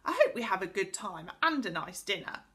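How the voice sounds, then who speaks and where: A woman voicing a spoilt, doubting young girl in a storybook, high and indignant. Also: very animated, a little fast, a bit bright. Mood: pleased.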